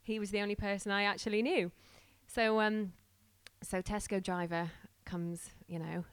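A woman's voice: medium pitch, fairly even intonation, moderate pace, clear, resonant tone, dry recording. Chatty woman telling a story, dry sound. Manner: chatty, laughing, acts out quoted voices. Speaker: church planter sharing a story. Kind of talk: casual storytelling testimony.

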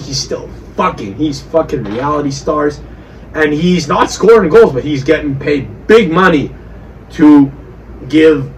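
A drunk man rambles through a casual podcast chat, swearing and riffing on with a fairly high voice. He sits back from a distant mic, with a faint hiss of background noise behind him. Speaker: podcast host.

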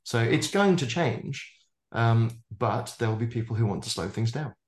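A man speaking as a futurist guest in a relaxed interview, moving from one example to the next. His voice sits in the middle range and carries a roomy echo around it. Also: mid-range voice, normal speed. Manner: expansive, piles up examples, jokes about his own pronunciation. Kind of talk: casual interview talk.

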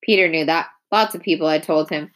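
A woman reading a chapter of a novel aloud in a calm, even storytelling manner. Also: low-pitched, a little fast. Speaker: audiobook reader.

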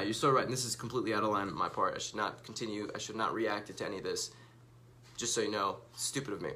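Bright-voiced man telling a story. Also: on the low side, quick pace. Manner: candid, profane, self-mocking. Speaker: vlogger. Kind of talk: casual storytelling, reading out tweets.

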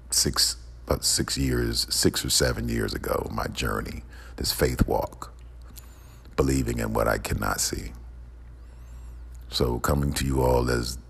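Super deep raspy guy going off in an angry rant, lots of echo. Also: a bit bright. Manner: heated, profane, repetitive. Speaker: podcast host. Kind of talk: angry ranting monologue. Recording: long echoing reverb.

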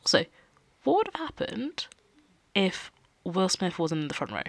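Young woman chatting on her podcast, low voice, animated, dry close sound. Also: moderate pace, creaky, no room sound. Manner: animated, acts out quoted people. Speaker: podcast host. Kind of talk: casual opinion talk.

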